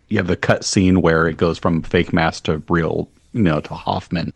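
A man's voice: deep voice, no echo. A man co-hosting a casual movie commentary podcast, rambling and restarting mid-sentence, swearing casually. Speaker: podcast co-host.

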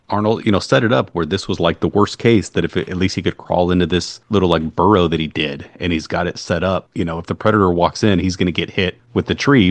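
Very deep-voiced man gushing about movies. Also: no room sound. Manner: enthusiastic, swears freely, loose phrasing. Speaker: podcast co-host. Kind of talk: casual movie discussion.

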